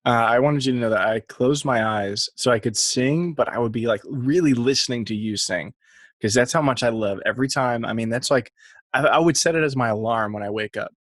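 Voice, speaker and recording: Man, mid-pitched podcast co-host, rambling and self-deprecating, dry room. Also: brisk, dry recording. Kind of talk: casual podcast chat. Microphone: podcast mic.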